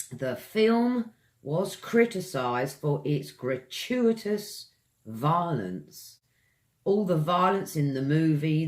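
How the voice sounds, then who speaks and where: A British man teaching English pronunciation online, slowly drawing out each word and then turning to chat with his viewers. His speech is unhurried, with a very lively, swooping pitch. He sits at a middle pitch for a man. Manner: slow, drawn-out enunciation of words, chatty asides to viewers.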